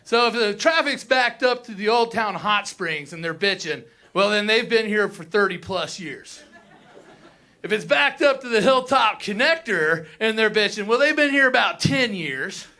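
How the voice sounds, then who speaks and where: A man's voice: sits high, expressive, normal speed, pushed and bright. A young man from Colorado doing a crude stand-up comedy set on a theater stage, ranting and mimicking whiny locals.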